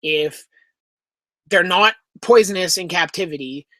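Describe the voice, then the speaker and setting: His voice sits high, unhurried and sharp-toned, on a dry recording. A Canadian man, he hosts a relaxed live stream Q&A from a home room with pet enclosures, reading chat aloud through his laptop microphone while joking and swearing.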